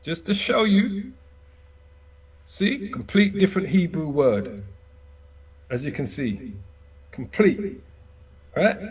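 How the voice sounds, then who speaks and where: A man teaching a casual Bible word study, halting and correcting himself as he repeats Hebrew sounds, sometimes laughing at his own pronunciation. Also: on the high side, expressive, husky.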